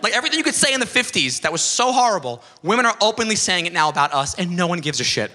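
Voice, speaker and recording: A man's voice: high-pitched, sing-song, rapid-fire, pushed and bright, big-room sound. A young man doing a stand-up routine, ranting and exasperated, mimicking voices in bits. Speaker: stand-up comedian. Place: comedy club stage. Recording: live club audience laughing, noisy room.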